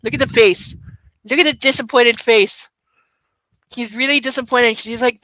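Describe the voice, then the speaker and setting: A woman's voice: a little high, fairly even intonation, normal speed, pauses often, pushed and bright, no room sound. A woman streaming from home, chatting casually in a rambling way and talking fondly to her dog. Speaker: streamer reading aloud to chat. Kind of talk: casual livestream chat.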